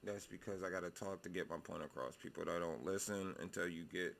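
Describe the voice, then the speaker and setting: A young man hosting a reaction video, talking in a slow, stoned-sounding drawl and rambling bluntly with plenty of swearing. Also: low-pitched, steady tone, creaky, a bit bright, slight background noise. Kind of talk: casual profane commentary.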